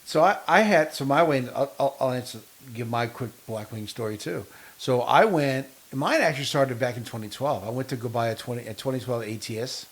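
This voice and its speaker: A man's voice: mid-range voice, brisk, hardly any pauses. Guy on a car podcast rambling through a story, doing everyone's lines, normal mid voice. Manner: long animated anecdotes with quoted dialogue. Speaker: podcast co-host. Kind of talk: casual chat.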